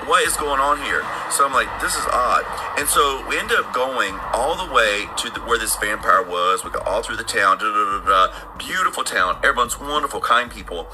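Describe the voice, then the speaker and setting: A middle-aged man telling a long personal story in a casual, animated way. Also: on the low side. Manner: animated, acts out voices in his story. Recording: noisy background ambience.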